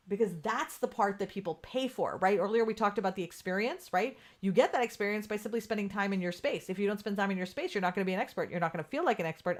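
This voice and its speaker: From her home setup with a ring light, a woman podcast host runs a relaxed live coaching stream in a mid-pitched voice. Her talk is candid and profane, full of laughter, and she reads viewer comments aloud.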